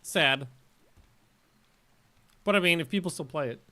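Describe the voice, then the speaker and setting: A man streaming a game and chatting casually, rambling, swearing and getting excitable. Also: a little high, unhurried. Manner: rambling, profane and excitable, often laughing. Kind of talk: casual chat while livestreaming a game.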